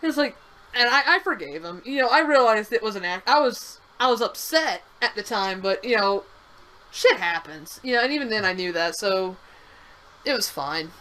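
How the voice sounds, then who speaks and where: A woman's voice: medium pitch, expressive, normal speed, sharp tone, poor audio. A young woman co-hosting a game stream, telling a rambling story with restarts and the odd swear. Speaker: streamer co-host. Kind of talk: casual chat over a game stream.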